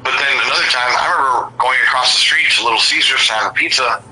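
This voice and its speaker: A man's voice: medium pitch, fast, a loud crowd, low-quality recording. A young man from the Seattle area telling rambling, profanity-laced stories in casual chat. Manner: profane, rambling, animated storyteller.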